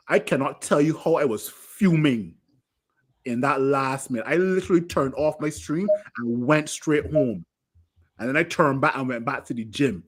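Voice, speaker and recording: A man ranting furiously as a fan panelist on a podcast, repeating himself and swearing. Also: a little high. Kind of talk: angry fan rant on a podcast.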